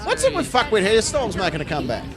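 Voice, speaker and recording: A man's voice: high voice, wildly swooping pitch, rapid-fire, a crowd in the background. An Australian man hosting a live show, giving crude, sarcastic commentary on protest footage and swearing freely. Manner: crude, mocking, swears freely, laughs at own jokes.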